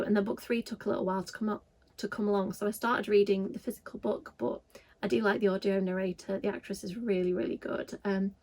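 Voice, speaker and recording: A woman's voice: mid-range voice, darkish tone, poor audio. A woman with a Yorkshire accent chatting casually and enthusiastically to camera about her reading list, with frequent ums. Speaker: book vlogger. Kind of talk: casual book chat to camera.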